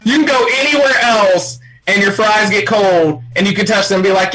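A man's voice: high voice, normal speed, hardly any pauses, bright, forceful tone, rough recording. A man co-hosting a podcast, ranting animatedly and swearing a lot in crude comedic banter. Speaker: podcast co-host.

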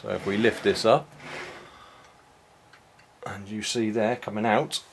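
A man casually walking through a toy set, unhurried, with many ums and restarts. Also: fairly low pitch, fairly even intonation, creaky, a little hiss or hum. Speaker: toy reviewer. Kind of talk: casual product walkthrough.

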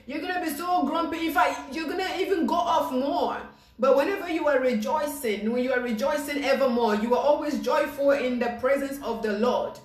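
A woman preaching an informal devotional sermon, excited and repetitive, acting out the people she quotes. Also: high voice, a little fast, reverberant.

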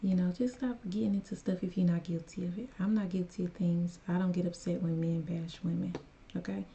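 A woman's voice: on the low side, fairly even intonation, a little fast, gravelly, warm tone, highs cut off. A woman hosting a reaction video, speaking to her viewers in a casual way and giving emphatic, preachy advice. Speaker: reaction channel host.

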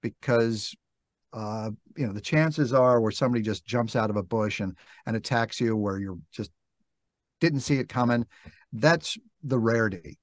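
An older man talking as a podcast guest, thoughtful and unhurried, with frequent restarts. He acts out little bits of dialogue as he tells his stories. The sound is close and dry, with no room around it. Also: mid-range voice, dry recording. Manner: reflective, halting with restarts, acts out quoted dialogue. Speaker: interview guest, narrator and actor. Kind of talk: relaxed storytelling interview talk. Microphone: podcast microphone.

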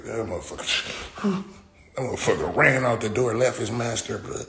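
A man's voice: medium pitch, lively intonation, a little fast, a bit bright. A man streaming live, telling stories casually in heavy slang with lots of swearing and laughter. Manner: profane, slangy, laughing storyteller. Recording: roomy echo with faint noise.

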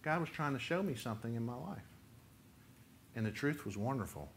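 A middle-aged male pastor in full sermon mode. He preaches with lively swings of pitch and volume, jumping high and loud when he acts out a voice, then dropping low and quiet. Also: a little fast, creaky, a little hiss or hum. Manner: animated preaching, rising loud for quoted voices.

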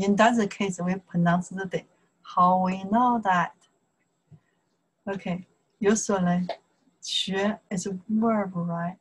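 Woman, Chinese accent, Chinese teacher, slow unhurried delivery, breathy husky tone, halting with fillers, spells out tones. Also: mid-range voice, rough recording. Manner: halting, with many fillers, repeating each syllable with its tone. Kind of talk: casual online language lesson.

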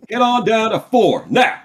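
Husky, giggly male quiz host. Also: sits high. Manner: crude, giggly, self-mocking, drawn-out delivery. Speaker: host running a quiz game. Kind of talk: loose comedic podcast banter.

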